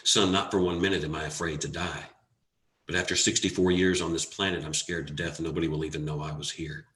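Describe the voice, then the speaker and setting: Man doing a dying old man, soft and deep. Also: level tone, fairly quick, roomy sound. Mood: scared. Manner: soft, choked, emotional. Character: dying older man, proud and tender.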